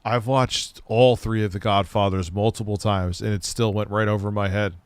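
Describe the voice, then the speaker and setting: A man's voice: fairly low pitch, fairly even intonation, moderate pace, very noisy. A man hosting a reaction video, making incredulous, profane asides about what he watches. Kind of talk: casual reaction commentary.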